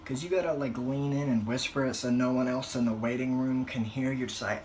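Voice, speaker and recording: Young male stand-up comic, profane and crude, mid-pitched voice, bursts of shouting, faint hiss behind. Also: brisk, hardly any pauses. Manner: crude, profane storytelling with animated outbursts. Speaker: stand-up comedian. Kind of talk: stand-up comedy routine.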